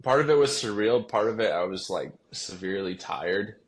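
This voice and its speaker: Young man chatting, lowish voice. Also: expressive, normal speed. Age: young adult. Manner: rambling, many fillers and restarts. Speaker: guest, pro baseball player. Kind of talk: casual interview chat.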